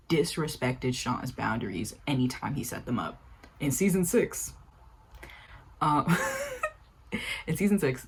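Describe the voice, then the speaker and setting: Animated and exasperated, a young woman who makes video essays offers casual sitcom commentary. Her quotes get acted out with large pitch jumps, and her voice has a breathy edge.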